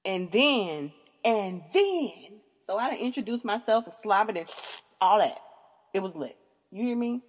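A woman hosting a podcast, telling a candid story in an animated, emphatic way, swearing freely and calling out to her listeners. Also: mid-range voice, unhurried, big-room sound. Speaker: podcast host.

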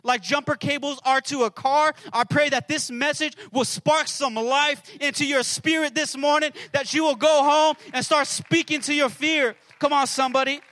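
A male pastor preaching with a strikingly high, bright, ringing voice. He calls out to his congregation, swings from loud shouted prayers down to near-whispers, and sounds close and dry on the mic. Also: steady tone, normal speed, few pauses, no echo. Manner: impassioned preaching, shouting prayers and dropping to a hush. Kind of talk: sermon.

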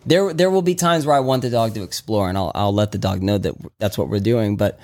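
A man's voice: fairly low pitch, brisk, darkish tone. A man chatting casually as a dog trainer on a podcast, loose and rambling with many restarts. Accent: Texan.

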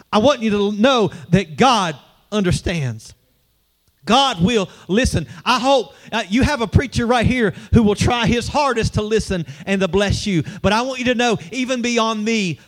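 A male pastor preaching a sermon in a church, in a conversational way, asking the congregation questions. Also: sits high.

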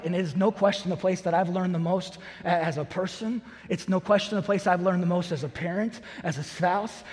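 Male pastor, earnest sermon delivery, higher-pitched, big hall reverb. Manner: earnest, repeats key phrases for emphasis.

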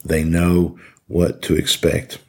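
A man's voice: low voice, completely flat delivery, takes it slowly, a little mellow. A middle-aged man giving an earnest, emphatic motivational talk to fellow officers, repeating his key phrases. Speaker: podcast host speaking to corrections officers.

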